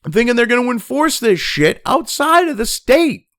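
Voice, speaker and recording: A man's voice: very high-pitched, very animated, normal speed, a bit bright, dry recording, studio quality. A man hosting a profane political rant, reading news aloud and then angrily mocking it. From United States. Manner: angry, crude, mocking, reads news then rants. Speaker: political commentary host.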